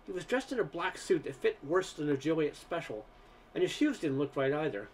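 A man narrating a first-person story aloud in a relaxed, conversational way. His voice is pitched a little high, and he sometimes trips over a word. A faint hum of ambience sits under the reading. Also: fairly quick. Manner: conversational, with occasional stumbles.

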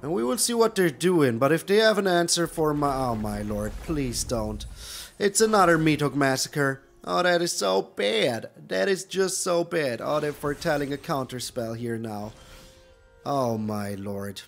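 A man's voice: a little high, expressive, unhurried, vocal fry, faint music behind. A man hosting a gaming channel, giving live gameplay commentary with theatrical groans and pleas at his opponent.

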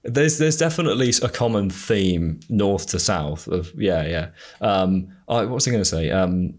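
A man's voice: deep voice, expressive, normal speed. A man with a generic Southern English accent hosting a podcast in casual chat, often trailing off with fillers. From England. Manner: hesitant, trailing off with many fillers. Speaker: podcast host.

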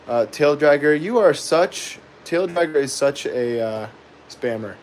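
A man hosting a live woodcarving stream, thinking aloud with many pauses and fillers and chuckling at his own jokes as he reads viewer comments. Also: a little high, expressive, slight background noise. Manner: chuckles often, jokey and self-deprecating. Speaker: woodcarving livestream host. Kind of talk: live carving demo, chatting with viewers.

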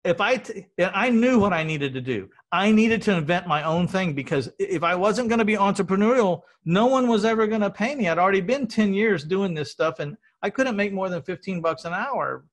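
A middle-aged man from Texas talks through his story in casual conversation. He sounds earnest and a little rambling, and he restarts his sentences as he goes. His voice sits slightly high for a man. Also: expressive, a little fast, hardly any pauses. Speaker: podcast host telling his story.

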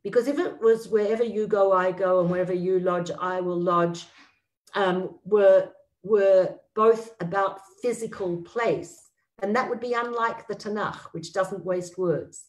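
A woman teaching a text study lesson, reading verses aloud slowly and then commenting, with frequent restarts. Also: medium pitch, fairly even intonation, far from the mic, poor audio. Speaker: Bible teacher.

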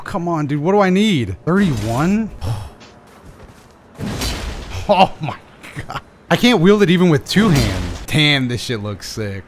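A man giving excitable, profane let's play commentary, bursting into yelps and laughter as he plays. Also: a little high, a little hiss or hum. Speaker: gaming video creator.

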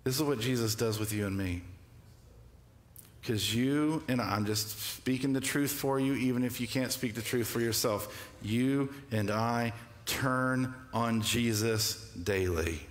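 A man's voice: medium pitch, normal speed. Preaching man in an echoey church. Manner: call-and-response preaching, rising emphatic delivery. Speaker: pastor. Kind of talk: sermon. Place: church sanctuary.

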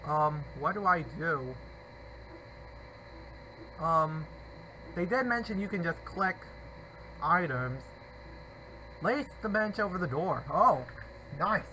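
High bright-voiced guy doing excited game commentary, mutters and says sorry a lot. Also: takes it slowly, long pauses, a little hiss or hum, low-quality recording. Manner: excitable, talks to himself and apologizes. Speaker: gamer. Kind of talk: gameplay commentary.

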